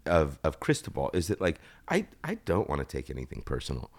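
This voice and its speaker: A man in his fifties with a very deep, low voice, a guest on a chat show. He tells stories in an animated way and swears freely. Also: fairly quick. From United States. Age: 50s. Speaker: guest actor. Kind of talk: casual interview chat.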